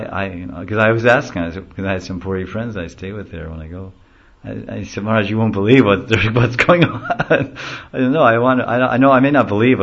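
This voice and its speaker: Low-voiced man giving a devotional talk. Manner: conversational, rambling storytelling. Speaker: devotional class speaker. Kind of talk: devotional lecture. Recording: dull lo-fi recording.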